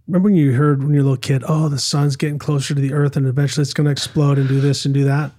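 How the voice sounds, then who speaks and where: A man's voice: medium pitch, little pitch movement, racing, mellow. A middle-aged man, a former motocross champion, telling stories casually in an interview, with frequent restarts and acted quotes. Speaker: podcast guest, former motocross and off-road truck champion.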